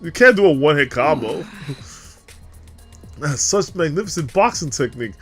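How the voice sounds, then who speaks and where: A man commentating on a game in a loose, profane, excitable way, laughing often. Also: fairly high pitch, normal speed, soft background music. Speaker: streamer.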